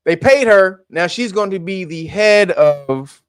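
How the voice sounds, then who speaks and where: A man's voice: sits high, animated, measured pace, smooth, no room sound, clean studio sound. A man hosting a commentary show, talking bluntly and profanely, laughing often and mocking what he reads. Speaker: commentary podcast host.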